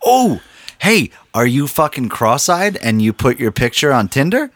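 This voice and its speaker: A man in casual conversation, firing off blunt, sarcastic complaints full of swearing. His pitch sits mid-range. The recording is dry, with no room sound. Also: sing-song, unhurried, fairly bright tone, no echo. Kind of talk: casual profane rant.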